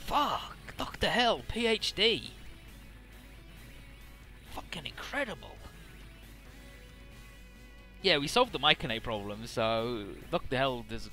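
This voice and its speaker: Sarcastic, very bright-voiced man gaming. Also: fairly high pitch. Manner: irreverent, profane, sarcastic. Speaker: Let's Play commentator. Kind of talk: casual game commentary.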